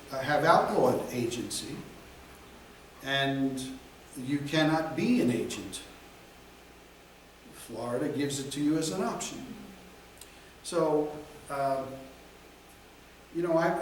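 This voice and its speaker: A man teaching a real estate class, lecturing in a slow, deliberate and emphatic way. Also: medium pitch, slight background noise. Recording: echoey classroom from far off.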